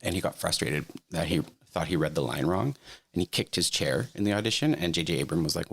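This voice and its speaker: A woman's voice: very deep voice, lively intonation, quick pace, vocal fry, slightly rough. A woman co-hosting a podcast, running the trivia and telling behind-the-scenes stories in a chatty, casual way. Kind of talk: casual chat.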